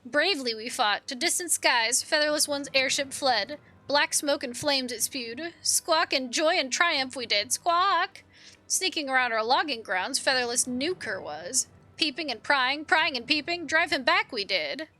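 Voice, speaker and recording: A woman's voice: sits high, expressive, measured pace, bright, forceful tone, full character voice. A woman voicing a proud bird beastman warrior who squawks and talks with inverted word order. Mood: triumphant.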